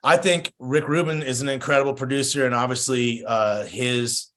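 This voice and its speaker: A man in easy, casual conversation as a podcast guest, mid-pitched and laid-back. He swears freely and slips into other people's voices as he tells his stories. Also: fairly even intonation, moderate pace, a bit bright. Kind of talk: casual chat.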